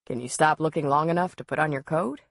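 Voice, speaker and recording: A woman reading a gentle grown man. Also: sits low, fast talker, dry recording, studio quality. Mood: tender. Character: tender, composed grown man, a suitor.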